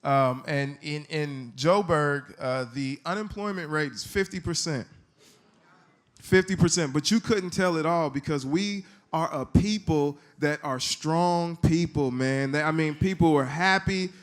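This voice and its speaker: A man speaking at a church service, telling a trip story in a relaxed, joking conversational way. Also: a little high, unhurried. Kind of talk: sermon testimony.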